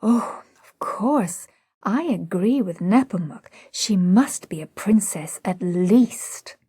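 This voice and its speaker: A gushing society hostess, read by a woman, effusive and quick to exclaim over the latest gossip. Her voice is husky and breathy, recorded dry and close. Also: medium pitch, lively intonation, mellow, dry recording, full character voice. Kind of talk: audiobook drama reading.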